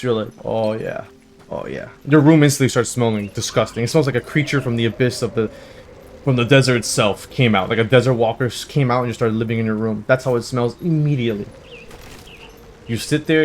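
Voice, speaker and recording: A young man in his twenties, a gaming channel host, telling a rambling, jokey story in a casual way, with sudden loud bursts. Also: medium pitch, slight background noise. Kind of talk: casual storytelling over gameplay. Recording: faint background music.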